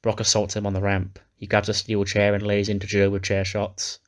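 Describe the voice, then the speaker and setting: Low-voiced man recapping a game. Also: completely flat delivery, fairly quick. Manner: recaps storylines casually with swearing. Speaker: game player narrating. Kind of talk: narrating a wrestling sim playthrough.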